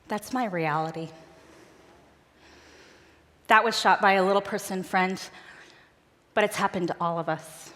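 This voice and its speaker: An earnest woman shares personal stories from a church stage, talking plainly and directly to the crowd. Her voice sits at an ordinary middle pitch. A long reverb trails each phrase as it fills the big auditorium. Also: measured pace, pauses often, a bit bright. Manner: earnest, conversational. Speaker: speaker at a church event. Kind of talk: personal storytelling talk.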